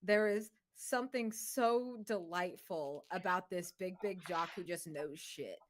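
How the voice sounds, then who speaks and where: A woman player in a tabletop game, gushing and rambling fast with many fillers in a casual post-game chat. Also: on the low side, slight background noise.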